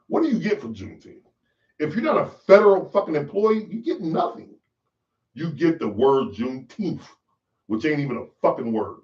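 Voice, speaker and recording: A man's voice: fairly high pitch, big pitch swings, normal speed, darkish tone. A man hosting a podcast, delivering a profane, preachy ranting monologue. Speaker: podcast host. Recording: roomy, distant, dull lo-fi sound.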